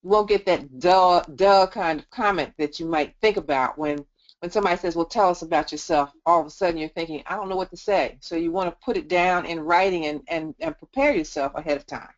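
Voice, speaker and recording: A woman's voice: on the low side, fairly quick, highs cut off. A woman professor giving practical, coaching advice to student teachers in an online meeting. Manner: practical, coaching, gently teasing. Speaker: education professor.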